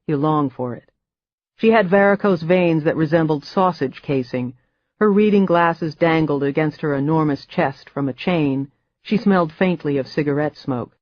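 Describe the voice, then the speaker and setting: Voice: medium pitch, no echo, highs cut off. Dry, wry audiobook narrator. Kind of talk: scripted narration.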